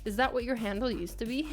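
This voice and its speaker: A woman's voice: a little high, fairly quick. A woman, live-streaming and chatting casually, reading chat messages aloud and laughing often. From United States. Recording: faint music behind.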